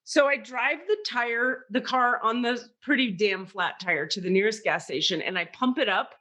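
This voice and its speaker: A woman's voice: a little high, normal speed, bright, forceful tone. A woman co-hosting a podcast, telling a story in casual chat and acting out the voices she quotes. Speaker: podcast co-host.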